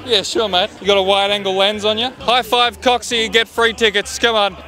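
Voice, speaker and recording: Man doing a high-voiced, boastful American footballer, brash and self-promoting, put-on American accent, outdoors with music behind. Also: level tone, a little fast, pushed and bright, a faint crowd. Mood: cocky. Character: impression of a tall American footballer, cocky and boastful. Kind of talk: street prank comedy. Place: outdoors at a busy urban football venue.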